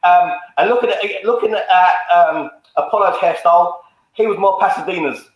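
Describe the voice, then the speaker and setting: A man with a high-pitched voice hosts a casual fan stream, reading out viewer comments at a normal speed. He's jokey, drops slang, and says "um" a lot. The lo-fi recording was made in a very echoey room.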